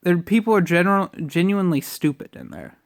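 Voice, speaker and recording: A young man in his twenties vents on camera in an irritated, profane ramble. His voice sits a little high for a man, and he complains freely with constant swearing. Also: fairly quick, vocal fry. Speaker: vlogger. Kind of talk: casual ranting vlog.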